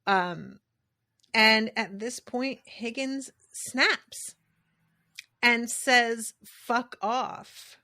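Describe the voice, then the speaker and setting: A woman's voice: fairly high pitch, very slow, pauses often, pushed and bright. A woman co-hosting a podcast, casually recapping a TV episode, emphatic and swearing freely as she acts out quotes. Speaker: podcast co-host.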